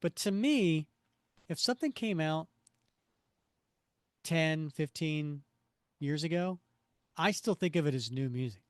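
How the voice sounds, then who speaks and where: A man's voice: on the high side, expressive, unhurried, long pauses, no room sound. Chatty middle-aged man, dry close sound. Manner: chatty, rambling, self-correcting. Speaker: podcast co-host. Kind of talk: casual chat and reading comics aloud.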